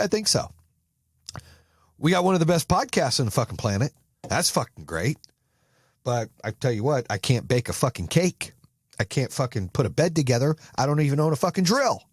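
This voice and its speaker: A man's voice: mid-range voice, no room sound, clean studio sound. An American man hosting a podcast, delivering an intense, profane motivational monologue. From United States. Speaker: podcast host.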